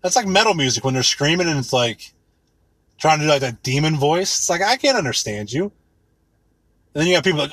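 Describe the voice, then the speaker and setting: A man's voice: fairly high pitch, sing-song, a little fast, a bit bright, breathy edge, dry recording. A man in his thirties ranting with rambling sarcasm and heavy swearing, mocking things in put-on voices. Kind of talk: profane comedic rant.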